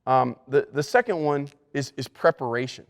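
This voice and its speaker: With a medium-pitched voice touched by vocal fry, a male pastor speaks at a moderate pace, giving a leadership lesson to church staff. Emphatic and repetitive with key words, he often restarts sentences, and a long hall reverb fills the recording.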